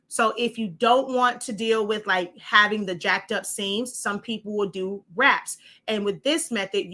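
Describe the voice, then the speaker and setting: A woman's voice: medium pitch, sharp tone. A woman giving a casual show-and-tell craft tutorial, chatty and rambling with many fillers and asides. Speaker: crafting instructor.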